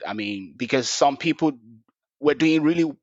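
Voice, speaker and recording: A man's voice: on the high side, expressive, moderate pace, no echo. A man from Nigeria, a podcast guest, talking in a reflective, easygoing way. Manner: reflective, easygoing, acts out quoted voices. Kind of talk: casual interview chat. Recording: dull dry sound.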